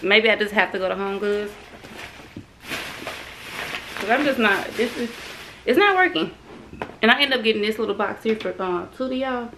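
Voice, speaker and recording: Young woman vlogger, casual and chatty, mid pitch, slight background noise. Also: moderate pace, pauses often. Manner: chatty, drawling Southern slang, frustrated sighs. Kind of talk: casual vlog chat. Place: home and craft store.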